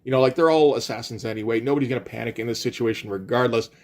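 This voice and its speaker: A man's voice: medium pitch, very fast, darkish tone. A man casually recapping a comic book issue, retelling scenes and quoting the characters in a loose, conversational way.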